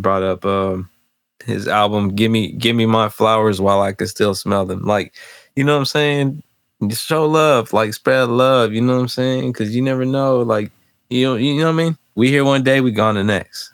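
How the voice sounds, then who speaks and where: Gravelly low-voiced guy on a chill podcast, rambling and laughing, dry close sound. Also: no room sound. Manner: rambling, reflective, laughs often, fills with "you know what I mean". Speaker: podcast co-host. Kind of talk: casual chat.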